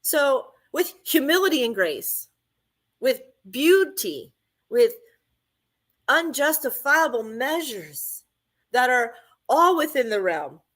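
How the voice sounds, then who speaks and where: A woman hosting an inspirational radio show, her voice bright and fairly high. She speaks in fervent, repeated affirmations into a studio microphone. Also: very animated, takes it slowly, pauses often.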